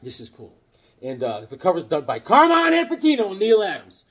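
A middle-aged comic book collector hosts a casual vlog, rambling and joking while he shows comic books and tells stories, acting out voices with animation. His voice is high and brisk.

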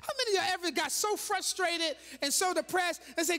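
High, bright-voiced woman preaching. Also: fairly quick. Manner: animated, dramatic preaching with rhetorical questions and laughing asides. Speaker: bishop preaching. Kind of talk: sermon. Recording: long reverb of a large church hall.

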